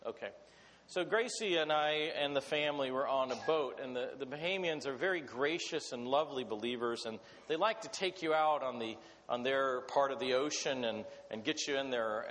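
A middle-aged man preaching a sermon, telling a personal story in an animated way. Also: mid-range voice, brisk. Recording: long hall reverb.

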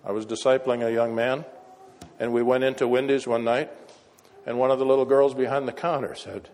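A man's voice: mid-range voice, little pitch movement, fairly quick, darkish tone. A man preaching a sermon, telling folksy stories with wry asides. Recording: echoey hall reverb.

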